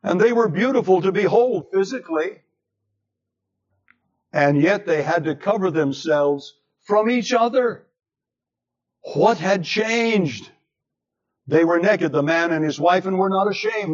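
Male preacher, slightly high voice, deliberate sermon delivery. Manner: slow, emphatic delivery with dramatic pitch swings. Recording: dull lo-fi sermon recording.

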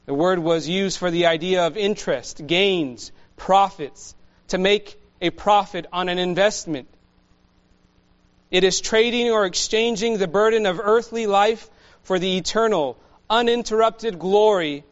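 A man preaching a sermon to his congregation, slow and measured, with emphatic pauses. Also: high-pitched, dull audio. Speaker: pastor.

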